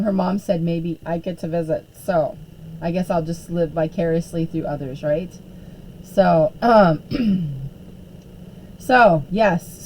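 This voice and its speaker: A middle-aged woman with a hoarse, fading voice chats unhurriedly on a live stream. Her tone is mellow and soft-edged. She fills gaps with ums and keeps clearing her throat. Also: lowish voice, a little hiss or hum, rough recording. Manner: chatty, frequent throat clearing and fillers. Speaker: art teacher hosting a live stream. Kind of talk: casual live-stream chat.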